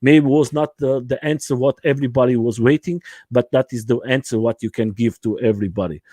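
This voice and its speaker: A man hosting a livestream from his home, speaking halting non-native English with many fillers and restarts in a casual interview chat. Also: mid-range voice, mellow, dry recording. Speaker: livestream host.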